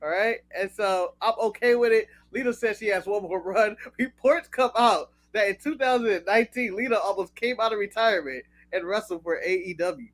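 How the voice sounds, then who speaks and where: A man's voice: sits high, brisk, few pauses, fairly bright tone, no echo. A man from the United States co-hosting a wrestling podcast, talking bluntly in casual chat, swearing freely and laughing at his own jokes. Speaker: podcast co-host.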